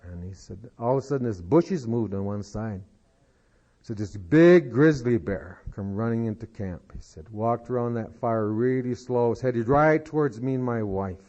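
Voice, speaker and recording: A man telling a long folksy joke as a speaker at a recovery meeting, unhurried and full of "he said". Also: mid-range voice, expressive, warm tone. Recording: dull lo-fi 1990s tape.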